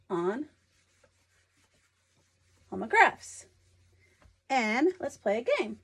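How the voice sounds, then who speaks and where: Slow, deliberate woman teacher. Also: a little high, no room sound. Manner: slow, deliberate, stresses words for emphasis. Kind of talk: explaining a spelling lesson to children.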